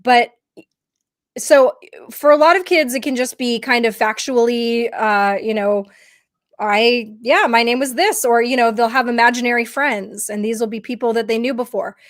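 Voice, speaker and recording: A woman's voice: on the high side, normal speed. A woman podcast co-host telling stories in casual conversation, with many fillers and restarts.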